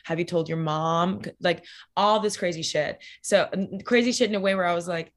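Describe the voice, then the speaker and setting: A woman's voice: lowish voice, normal speed. A young adult woman telling personal stories in casual talk, candid and full of "like" fillers and swearing, acting out quoted lines.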